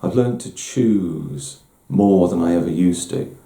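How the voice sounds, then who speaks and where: Low gravelly man, roomy echo. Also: lively intonation, slow, mellow. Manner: candid, self-deprecating, with frequent restarts. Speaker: host. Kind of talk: reflective personal talk.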